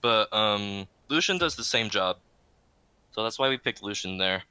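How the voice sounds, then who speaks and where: A man's voice: on the low side, animated, moderate pace, sharp tone, smooth, no echo. A man playing in an esports team, bantering casually and joking with his teammates. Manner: joking, laid-back, cocky. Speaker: esports player being interviewed.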